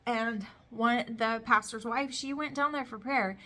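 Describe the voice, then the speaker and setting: A slightly high, sharp voice with a steady tone, delivered a little slowly. The thirty-something vlogger and mother of boys chats casually to camera about her life, telling stories emphatically and using lots of "like".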